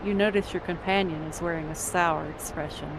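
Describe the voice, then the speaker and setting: Low-voiced woman narrating. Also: steady tone, fairly quick, over loud music, rough recording. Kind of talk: scripted second-person narration.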